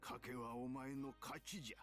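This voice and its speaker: A man voicing a wise old grandfather ninja master in a Japanese anime game, with gravelly, old-fashioned speech. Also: mid-range voice, steady tone, fast, a bit bright, soft background music, natural voice. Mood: calm. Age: older.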